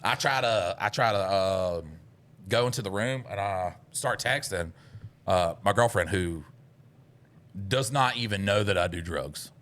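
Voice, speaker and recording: Speaking at a measured pace in a voice on the low side, this podcast co-host tells a story during casual chat. Swearing is frequent, and he bursts into loud voices when quoting himself.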